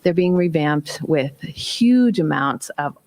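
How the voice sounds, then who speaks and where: A woman's voice: deep voice, expressive, slow pace, a little mellow. A woman giving a spiritual talk, telling personal stories with emphatic whispers and acted-out dialogue. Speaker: minister and special ed teacher.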